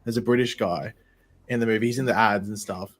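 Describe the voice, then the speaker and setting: A man's voice: lowish voice, fairly even intonation, fairly quick. A man with an Australian accent, chatting loosely on a panel stream with many restarts and fillers. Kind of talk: casual panel chat.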